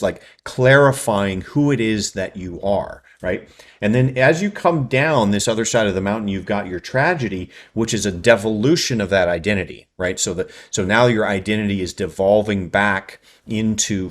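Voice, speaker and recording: Male writing-channel host, lowish voice, rapid lecturing delivery. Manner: fast, tags points with "right?". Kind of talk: explanatory lecture.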